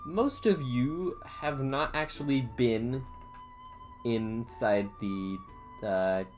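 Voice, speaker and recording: A man running a tabletop game as dungeon master, narrating haltingly with many fillers. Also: mid-range voice, soft background music. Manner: halting, full of fillers and laughs.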